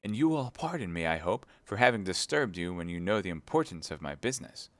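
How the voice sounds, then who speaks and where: A man's voice: low-pitched, big pitch swings, fairly quick, no room sound. A man reading a classic novel aloud, voicing a bold young swordsman who speaks earnestly and gallantly.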